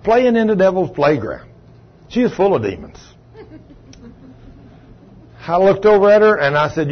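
A man, a pastor preaching a sermon, telling a story in a low voice and then rising loud and emphatic. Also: very animated, a little slow, long pauses, lo-fi sound. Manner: swings from low quiet telling to loud raised retelling. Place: church sanctuary.

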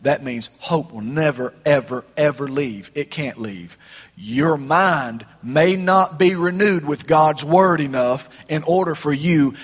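A man preaching a sermon in a folksy, conversational way, slowing down for dramatic pauses. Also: a little high, husky. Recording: long reverb of a large hall.

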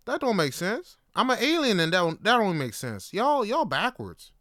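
A man's voice: high-pitched, very animated, normal speed, bright, forceful tone, no echo, studio quality, pitched above the performer's own voice, heavily acted. A man doing a slangy, chatty space alien. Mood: chatty, judgmental. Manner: slangy, casual, scolding. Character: laid-back male space alien visitor, nosy and judgmental.

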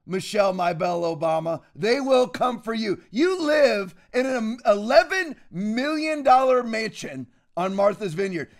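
A man's voice: high voice, fairly bright tone. A man hosting a commentary show, talking in a combative, mocking and preachy way. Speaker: show host.

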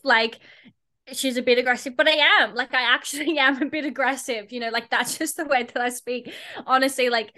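A young woman chats on a podcast in a casual, blunt way. She is sarcastic and swears freely. Her voice is bright and a little high. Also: fairly even intonation, brisk. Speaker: podcast guest, entrepreneur.

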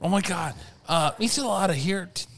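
A man hosting a rowdy casual podcast chat, loud, swearing and exclaiming. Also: high-pitched, animated, normal speed, gravelly. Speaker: podcast host. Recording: crowd noise behind.

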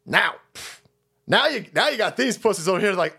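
Foul-mouthed, high-pitched ranting man. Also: unhurried, vocal fry, sharp tone. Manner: foul-mouthed, mocking, laughs often. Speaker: livestream host. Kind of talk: profane livestream rant.

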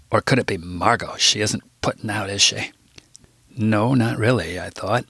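A man reading his own book aloud in a wry, deadpan narration. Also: lowish voice, normal speed, husky, no room sound, clean studio sound. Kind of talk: audiobook narration.

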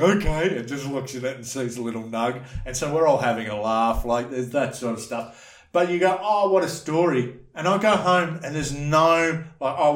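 A man telling crude nightclub stories in a casual podcast chat, swearing and acting out the people he quotes. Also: medium pitch. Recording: echoey room.

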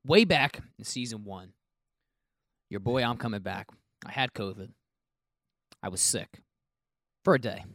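A man's voice: fairly low pitch, animated, measured pace, pauses often, fairly bright tone, dry recording, studio quality. A man hosting a casual podcast, rambling and joking, often restarting his sentences. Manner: rambling, self-interrupting, jokey. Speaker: podcast host.

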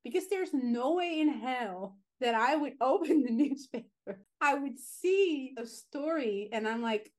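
A woman co-hosting a casual podcast, ranting in an animated, dramatic way about advice posts. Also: high-pitched, measured pace, few pauses. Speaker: podcast co-host.

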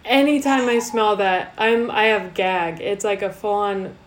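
A young woman co-hosting a casual podcast, chatty and quick to laugh, with casual swearing. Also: mid-range voice, fairly even intonation. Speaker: podcast co-host. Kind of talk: casual chat.

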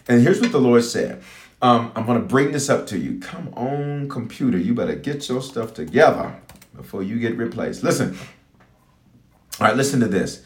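Fervent preacher man in an echoey room. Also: mid-range voice. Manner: fervent, repeats lines for emphasis, reads scripture aloud. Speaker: bishop preaching online. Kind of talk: livestreamed sermon and prayer.

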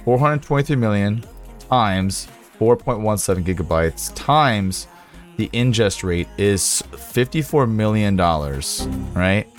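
Young male streamer, low voice, crude banter, faint background music. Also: animated, measured pace. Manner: joking, crude, working through math aloud. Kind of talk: casual live-stream chat.

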